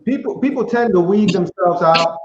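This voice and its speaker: A man with a high-pitched, expressive voice hosts a podcast at normal speed against a noisy background. He chats casually and reflectively, rambling with many restarts, on echoey, muffled live-stream audio.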